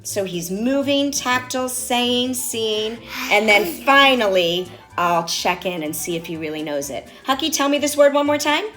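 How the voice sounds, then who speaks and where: A woman's voice: fairly high pitch, lively intonation, moderate pace, few pauses, a bit bright, faint music behind. A woman in her forties teaching her young son sight words at home, explaining each step to parents in an encouraging, instructive manner. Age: 40s. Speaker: reading tutor and mother. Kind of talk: home reading lesson with parent tips.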